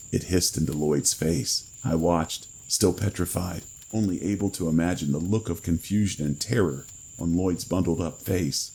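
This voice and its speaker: A man reading a horror story in a measured, grave manner with dramatic pauses. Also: sits low, lively intonation, vocal fry, a little mellow, slightly rough, poor audio. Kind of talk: scripted horror narration.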